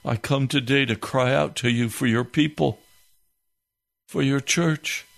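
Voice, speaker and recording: A man praying aloud, pleading and heavy-hearted in a slow, impassioned spoken prayer. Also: medium pitch, steady tone, gravelly.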